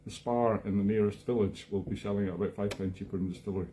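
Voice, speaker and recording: A man's voice: fairly low pitch, steady tone, very fast, dark tone, a little hiss or hum. A man hosting a live online music show, chatting casually between tunes with dry jokes and lots of restarts.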